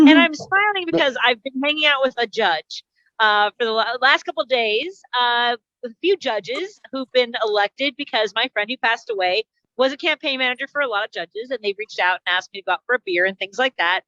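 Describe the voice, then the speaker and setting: A woman's voice: on the high side, brisk, sharp tone, no echo, dull audio. A woman comedian delivering a wry, chatty stand-up monologue over a video call.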